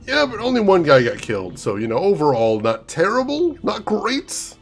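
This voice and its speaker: A man's voice: sits high, wildly swooping pitch, normal speed, creaky, breathy edge, faint music behind. A man casually commenting as he plays a video game and reads chat aloud. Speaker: gaming streamer.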